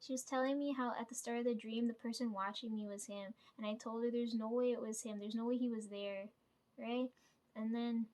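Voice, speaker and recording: A woman's voice: a little high, steady tone, brisk. Rambling woman retelling a dream. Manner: rambling, fillers like "right?" and "like"; swears casually. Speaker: vlogger.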